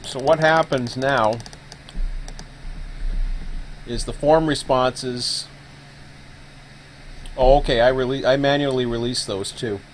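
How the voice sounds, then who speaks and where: Guy on a live stream rambling through some admin stuff, mid pitch, faint hum behind. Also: fairly even intonation, unhurried, poor audio. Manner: rambling, thinking aloud with fillers. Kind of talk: casual screen-share explanation.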